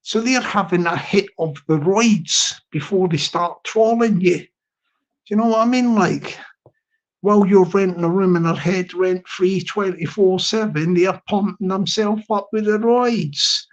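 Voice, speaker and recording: A man's voice: high voice, a little slow. A man from the UK with a British accent, hosting a live stream in rambling banter, repeating phrases and chuckling often. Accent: British English. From United Kingdom. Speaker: livestream host. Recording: dull lo-fi stream audio.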